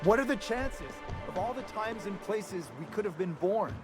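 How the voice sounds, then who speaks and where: An actor playing a wistful, philosophical man who muses slowly and reflectively in a video game. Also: high-pitched, lively intonation. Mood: musing. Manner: musing, slow and reflective. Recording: game dialogue under music.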